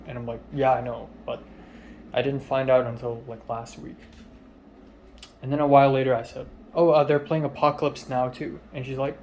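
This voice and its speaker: Slight background noise accompanies a young man telling a personal story a little fast. He rambles casually, leans on fillers, and often trails off quietly in a flat, low-key voice.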